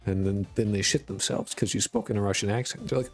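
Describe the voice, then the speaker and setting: A man's voice: fairly low pitch, fast talker, vocal fry, slightly rough, faint music behind. A man from rural Connecticut, with a mixed New York, Boston and Connecticut accent, chatting casually and profanely on a game dev live stream. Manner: rambling, profane, self-deprecating.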